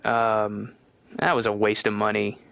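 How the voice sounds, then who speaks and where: A man's voice: on the low side, little pitch movement, measured pace, creaky, fairly bright tone, no echo. A man doing a rambling, wry stand-up routine as a patient in a cartoon, heard as muffled lo-fi TV audio. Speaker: comedian patient.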